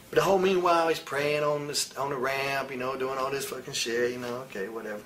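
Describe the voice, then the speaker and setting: He talks fast with few pauses, his mid-range, fairly bright voice holding a fairly even intonation. A former pro wrestler in his forties, he's a blunt, cursing interview guest spinning heated stories. There's a faint hiss behind him.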